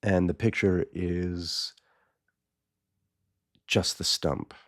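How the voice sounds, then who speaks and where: A man's voice: sits low, fairly even intonation, very slow, a bit bright. A man hosting a podcast, casually retelling a children's book and musing as he goes, often restarting and repeating words. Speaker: podcast host.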